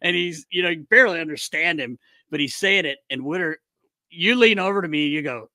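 A man with a high, bright voice hosts a casual podcast. He laughs a lot, swears freely and acts out quotes as he tells stories. The sound is dry and close. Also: a little fast, no echo. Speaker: podcast host. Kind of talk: casual chat.

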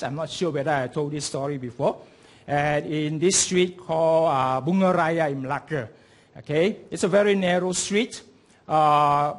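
A middle-aged man preaching a sermon, telling stories with lively swings between soft asides and loud, emphatic peaks. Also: a little high. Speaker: pastor.

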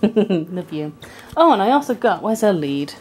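At home indoors, a young woman vlogs on a handheld camera, gushing in baby talk at her pet dog with gasps and giggles while dog sounds come through. Her medium-pitched voice is very animated yet unhurried, over a noisy background.

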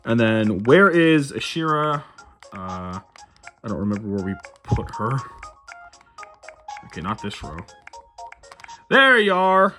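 Animated goofy young man narrating gameplay. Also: medium pitch, slow, long pauses, faint music behind. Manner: goofy, rambling, self-mocking. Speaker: channel creator playing a life sim game. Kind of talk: casual gameplay commentary.

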